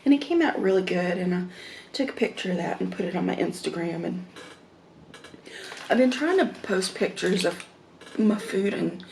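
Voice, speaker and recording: A woman chatting casually while eating on camera, rambling slowly with many fillers. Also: on the low side, animated, gravelly, darkish tone, slight background noise. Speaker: mukbang vlogger.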